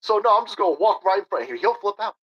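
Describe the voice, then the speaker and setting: A combative man in his thirties rants sarcastically on his livestream, his fairly high voice swinging wildly up and down. The audio is dull and lo-fi. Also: animated, very fast, fairly bright tone, slightly rough. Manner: sarcastic, combative, reads chat aloud. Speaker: political livestream host. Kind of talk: ranting livestream commentary.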